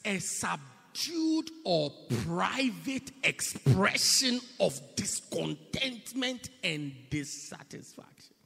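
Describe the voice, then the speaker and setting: Dramatic preacher man, booming to whispering. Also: sing-song, slow pace, gravelly, few pauses, sharp tone, breathy edge. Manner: repeats and drags out words for effect. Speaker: pastor. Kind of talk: sermon. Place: church. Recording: echoey church hall.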